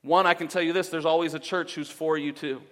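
Man, pastor, sermon, fairly high voice, earnest, long hall reverb. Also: steady tone, fairly quick. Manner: earnest, swings from emphatic to hushed.

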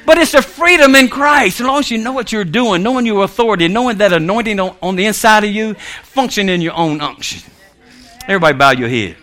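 A high, bright-voiced preacher man with a drawl, telling stories in an animated, laughing way. His pitch swings widely as he acts out the people in his tales. The same voice then slows into prayer. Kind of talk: storytelling sermon.

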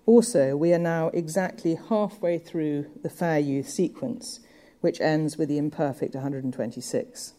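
A woman giving a measured, thoughtful lecture on poetry, with occasional fillers. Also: deep voice, mellow. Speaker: literature lecturer.

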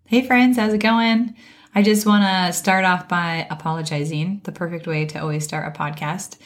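A woman in her thirties hosting a podcast as a wellness coach, hoarse and raspy from a cold, breathing a little heavily and chatting casually with fillers and small laughs. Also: on the low side, steady tone, normal speed. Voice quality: raspy, slightly heavy breathing. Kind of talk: casual solo podcast talk.

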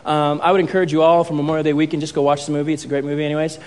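A man preaching a sermon as pastor in a church hall, with a conversational, animated way of telling stories. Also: on the high side, racing.

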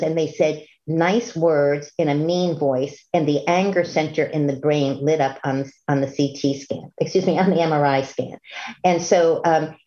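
A woman with a low, warm voice delivers a medical lecture to clinicians. She sounds earnest and instructive, now and then stumbling into a filler or restart. The recording is dull and lo-fi. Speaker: physician lecturer.

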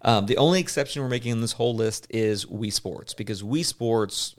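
A man in his thirties, speaking as a dad, hosts a casual podcast chat in a briskly paced, fairly low voice. He rambles and chats along, using plenty of fillers.

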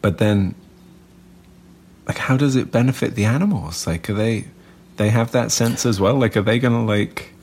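A man's voice: on the low side, normal speed, darkish tone, a little hiss or hum. A man co-hosting a podcast, chatting casually with an eager, musing manner. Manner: enthusiastic and musing. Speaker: podcast co-host. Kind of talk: casual chat.

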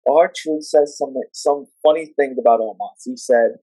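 An excitable man chatting on a podcast, his voice jumping up into shrill shouts as he tells his stories. He is recorded close, with a dry sound. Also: unhurried, few pauses, no room sound, rough recording. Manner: excitable, jumps into shrill shouting when retelling. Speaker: podcast guest. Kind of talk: casual chat.

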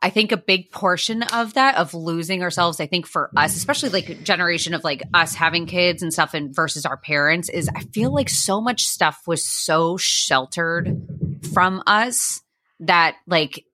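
Podcast host lady, chatty and laughing a lot, low-ish bright voice. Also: moderate pace, a little hiss or hum. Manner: animated storytelling, laughing often. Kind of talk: casual chat.

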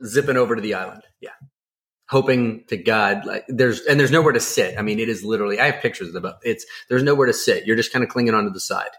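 Low-voiced man telling a story. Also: fast. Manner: excitable, rambling, full of fillers. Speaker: podcast co-host. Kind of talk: casual storytelling chat.

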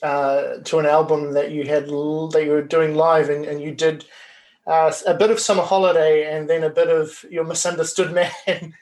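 A man's voice: a little high, level tone, moderate pace, a little mellow, low-quality recording. A man interviewing a guest, asking questions and encouraging him with short replies. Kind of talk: casual interview.

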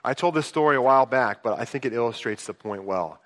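Male pastor, casual storytelling sermon, bright forceful voice, big reverberant church room. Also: medium pitch, quick pace. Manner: conversational storytelling, swings between hushed asides and excited outbursts. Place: church sanctuary. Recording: long reverb of a large hall.

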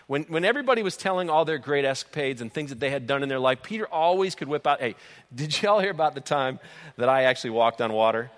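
A man preaching a sermon in a big church hall, his voice ringing out with a long reverb. His pitch sits a little high for a man, and he tells the story with animated energy, full of fillers and stumbling repeats. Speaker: pastor.

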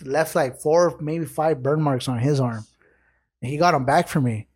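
A man's voice: a little high, normal speed, a little mellow, husky. A man in his late twenties hosting a podcast, telling a story in casual street slang with lots of swearing. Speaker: podcast host.

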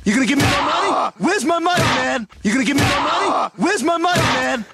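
A man voicing a furious, shouting man who demands his money over and over. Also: lively intonation, brisk, no echo, clean studio sound, full character voice. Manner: shrill, shouting, repetitive ranting.

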